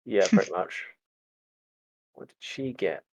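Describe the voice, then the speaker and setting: Low, casual man at the gaming table. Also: animated, slow pace, darkish tone. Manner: casual, joking, swears freely. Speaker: player.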